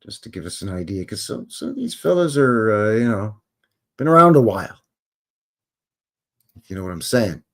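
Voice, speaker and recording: Low-voiced joking stream host, a man. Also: sing-song, moderate pace, creaky, pauses often. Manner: joking, rambling, wry asides. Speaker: livestream host. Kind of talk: casual live commentary on photos.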